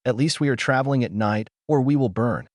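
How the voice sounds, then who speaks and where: A man's voice: medium pitch, a little fast, no echo, clean studio sound, lightly acted. A man voicing a polite, composed young male ninja in a fan fiction audiobook reading. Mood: calm.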